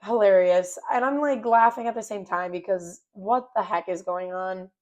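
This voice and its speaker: A woman's voice: mid-range voice, normal speed, muffled recording. Candid young woman telling a personal story. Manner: candid, rambling, self-mocking humor. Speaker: podcast host. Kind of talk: casual personal storytelling monologue.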